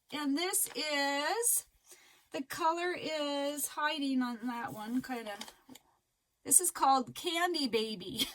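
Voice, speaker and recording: A woman chatting casually in a crochet vlog, rambling and excitable with lots of fillers. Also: extremely high pitch, poor audio. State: a little out of breath. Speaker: crochet vlogger.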